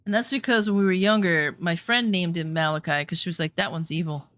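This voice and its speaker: A woman telling rambling, animated anecdotes in a casual chat, full of swearing. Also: on the low side, a little fast, no echo. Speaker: storyteller.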